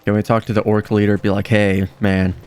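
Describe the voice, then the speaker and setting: A young man giving casual, excitable gameplay commentary, laughing often and exclaiming at the game. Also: fairly low pitch, brisk, clear, resonant tone, faint music behind. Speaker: let's play gamer.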